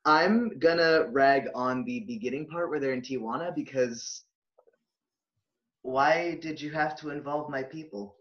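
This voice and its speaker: A man's voice: medium pitch, a little slow. A man co-hosting a casual movie review chat, ranting animatedly with swearing and bursts of laughter. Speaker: podcast co-host. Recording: dull lo-fi audio.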